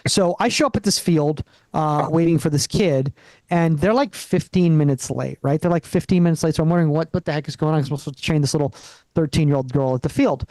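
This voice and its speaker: Young male stand-up comic, high voice, dry close sound, rambling, restarts a lot. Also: fast talker, mellow, no echo. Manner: rambling, many restarts and acted-out quotes. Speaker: stand-up comedian. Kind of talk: stand-up set. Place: comedy club stage.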